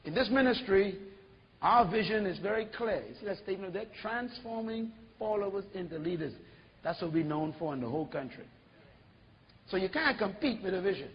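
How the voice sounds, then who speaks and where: Male pastor, animated sermon, rhetorical questions, long hall reverb, dull recording. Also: high voice, brisk, breathy edge.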